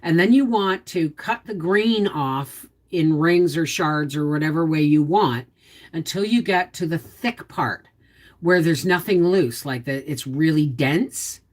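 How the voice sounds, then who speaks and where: A woman's voice: low-pitched, measured pace. A woman hosting a casual livestream, chatting in a folksy, down-to-earth way while explaining cooking and gardening and answering viewers. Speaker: homestead channel host.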